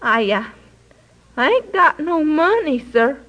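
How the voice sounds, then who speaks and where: A woman's voice: high voice, very animated, slow, a bit bright, lo-fi sound, voice pushed up, exaggerated voice. A woman voicing a poor, hungry little newsboy who stammers timidly, in a storybook reading.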